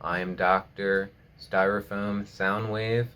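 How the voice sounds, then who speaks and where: A man giving a casual guitar lesson at home, joking and laid-back, with slow speech full of fillers. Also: lowish voice, little pitch movement, a bit bright, slight background noise. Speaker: guitar teacher. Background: guitar playing.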